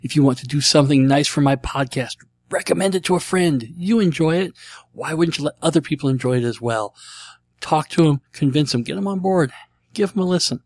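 A young man hosting his podcast in a casual, jokey, self-mocking way, full of quick asides. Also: on the high side, a little mellow, dry recording. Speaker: podcast host.

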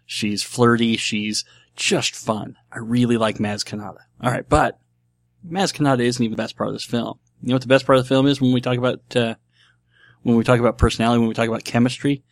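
A man's voice: medium pitch, level tone, quick pace, dry recording, clean studio sound. A man from Nebraska hosting a casual solo podcast, enthusiastic and rambling, often repeating himself. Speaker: podcast host.

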